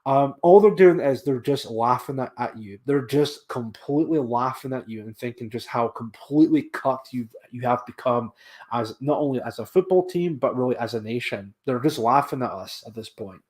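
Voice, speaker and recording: A man's voice: mid-range voice, normal speed, darkish tone. A man hosting a casual livestream, talking in a rambling way, repeating himself and making scornful asides. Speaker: livestream host.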